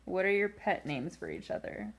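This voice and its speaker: A woman's voice: lowish voice, very animated, moderate pace, a little hiss or hum. A woman interviewing a groom-to-be, asking short, playful questions in a casual tone.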